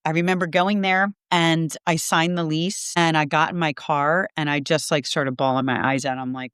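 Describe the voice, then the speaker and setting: Earnest middle-aged woman, low smooth voice. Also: moderate pace, hardly any pauses, a bit bright, no echo, clean studio sound. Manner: earnest, heartfelt, lots of "like". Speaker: podcast guest, Reiki teacher. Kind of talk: personal storytelling in conversation.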